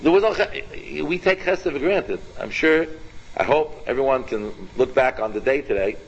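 A man teaching an informal Torah class, animated and repetitive, quizzing his students by name. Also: mid-range voice, moderate pace, gravelly, dull audio, a little hiss or hum.

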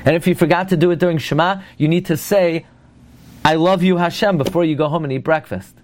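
A man with a high-pitched voice delivers a lively Torah lecture. He speaks emphatically, turns to his listeners with pointed rhetorical questions, and weaves Hebrew and Yiddish terms into his English as he tells a story. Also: brisk, a little hiss or hum. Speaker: rabbi teaching Torah.

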